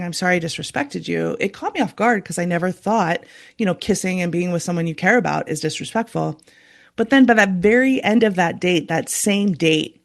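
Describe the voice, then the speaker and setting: A woman's voice: on the low side, vocal fry. A woman hosting a podcast, talking earnestly and confessionally as a coach about her own relationships. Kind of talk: personal storytelling monologue.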